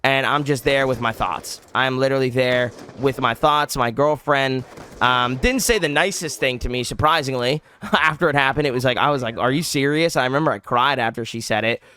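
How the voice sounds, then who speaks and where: A young man casually telling a story on his vlog, animated and rambling, with many likes and restarts. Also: medium pitch, brisk, clear, resonant tone. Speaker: vlogger.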